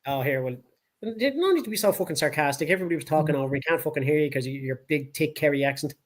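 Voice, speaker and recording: A man's voice: fairly high pitch, expressive, racing. A man with a Dublin accent co-hosting a casual sports chat, blunt, heated and full of swearing. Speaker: podcast co-host.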